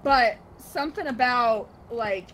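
A woman streamer chatting casually with friends over a game, excitable and quick to laugh, often restarting her sentences. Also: a little high, a little hiss or hum. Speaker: streamer playing a ghost-hunting game with friends. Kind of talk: casual gaming chat.

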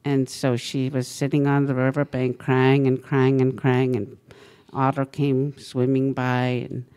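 Slow-talking older woman storyteller. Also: a bass voice, level tone, warm tone, smooth. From Alaska. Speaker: elder storyteller. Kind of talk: unhurried storytelling interview.

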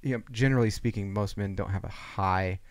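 A man in his thirties co-hosting a podcast, relaxed and reflective, thinking aloud with fillers. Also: fairly low pitch, brisk, no echo. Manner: easygoing, reflective, lots of fillers. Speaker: podcast co-host. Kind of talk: casual chat.

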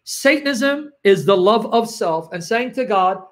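A Christian preacher addresses an online audience in a high-pitched, expressive voice, speaking a little slowly. He acts out selfish voices talking back to God, repeats phrases for emphasis, and then tells a personal story.

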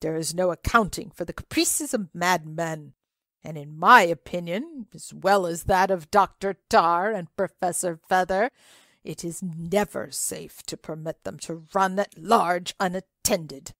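A woman playing a courtly older gentleman director, grand and emphatic, excitable, storybook reading, dry sound. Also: lowish voice, unhurried, dry recording. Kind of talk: dramatic reading of a classic story.

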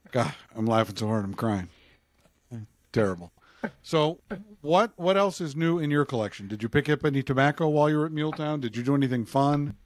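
A man's voice: mid-range voice, lively intonation, moderate pace, pauses often, dry recording. A man co-hosting a casual podcast chat, laughing often as he reads out jokes. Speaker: podcast co-host.

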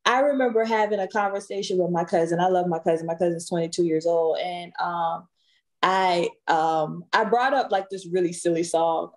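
A woman singer, a guest on a podcast, chatting casually and telling lively stories full of laughter and acted-out quotes. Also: mid-range voice. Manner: lively storyteller, laughs often, acts out quotes.

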